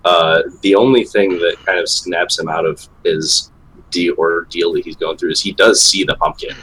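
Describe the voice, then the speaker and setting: A man playing a tabletop game, describing his character in a halting, hesitant way. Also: low voice, steady tone, a bit bright, slight background noise, poor audio. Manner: hesitant, many fillers and restarts. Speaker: player.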